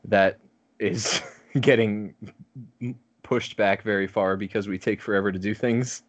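A man's voice: on the low side, steady tone, measured pace, no room sound. A man co-hosting a podcast, chatting casually and teasing his friends with lots of fillers. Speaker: podcast co-host. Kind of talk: casual chat.

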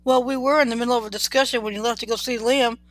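A woman's voice: on the high side, steady tone, quick pace, no room sound, close to an everyday voice. A woman reading a fuming betrayed husband. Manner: fuming, bitter. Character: angry betrayed husband, a young man.

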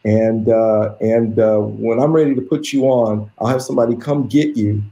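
A man's voice: fairly low pitch, flat delivery, normal speed, mellow, dull audio, lightly acted. A man voicing a flustered older woman who owns a comedy club, talking in a raised, fussing way. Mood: fretful, bossy. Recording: roomy echo.

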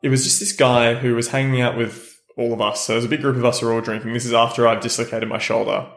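A man co-hosts a casual podcast, telling an anecdote bluntly with offhand swearing. His voice sits at an ordinary middle pitch. The recording has a roomy echo. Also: flat delivery, fast talker. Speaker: podcast co-host. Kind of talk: casual chat, storytelling.

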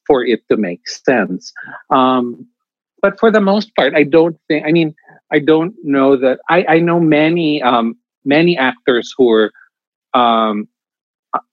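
Male theatre mentor, interview guest, emphatic and restarting often, mid pitch, dull dry sound. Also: dry recording. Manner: emphatic, animated, many restarts. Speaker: theatre director and acting mentor. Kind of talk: candid interview answers.

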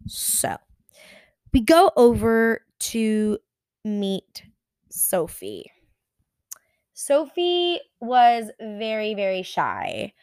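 A woman in her twenties telling a story in an animated, exasperated way. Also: fairly high pitch, clear, resonant tone, no echo. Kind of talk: storytime vlog.

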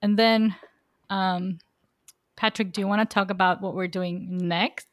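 An upbeat woman co-hosts a relaxed podcast, her voice dry and close to the mic with no room sound. She talks casually and keeps things moving. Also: mid-range voice, measured pace, no room sound. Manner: upbeat, announcing next topics. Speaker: co-host.

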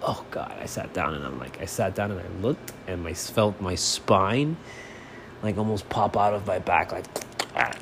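A man from Miami holds forth alone on his sports podcast, his voice sitting on the low side. He curses freely, drifting from subdued, almost muttered stretches into loud, fired-up ranting. A faint hiss of room noise hangs under the recording from his apartment. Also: moderate pace. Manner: profane, animated, swings between subdued mumbling and loud ranting. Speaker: podcast host. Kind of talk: casual solo sports podcast rant.

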